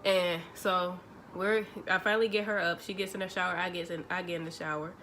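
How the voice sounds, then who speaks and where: Young woman vlogger, bright tense voice, lowish pitch, chatty story with acted-out quotes, faint hiss. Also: fairly quick. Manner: chatty, animated retelling with quoted dialogue. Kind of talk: casual storytelling.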